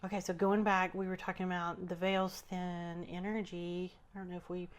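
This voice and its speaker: Female podcast host, lower voice, relaxed rambling chat. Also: normal speed, smooth. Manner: relaxed, chatty, trailing off mid-thought. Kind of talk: casual spiritual chat.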